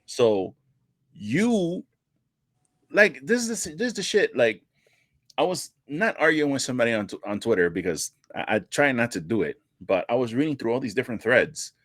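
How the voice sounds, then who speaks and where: A man co-hosting a wrestling podcast in casual chat, animated and profane, acting out quotes with his voice jumping up. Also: normal speed, dry recording, clean studio sound. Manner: animated, profane, acts out quotes with rising pitch. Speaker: podcast co-host.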